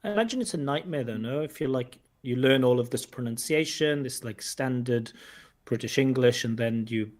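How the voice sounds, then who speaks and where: A man's voice: medium pitch, normal speed. A man from Wales with a light Welsh accent, hosting a casual chat as an English-speaking exam examiner. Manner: lively, joking, animated intonation. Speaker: IELTS examiner and host. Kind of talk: casual chat on a video call.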